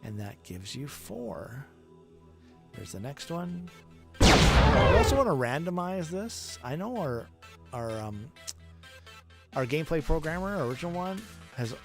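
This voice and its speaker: Music plays behind a man narrating a test run of a game he made, chatting casually and thinking out loud with frequent restarts. He speaks on the high side in a sing-song manner, at ordinary speed with long pauses.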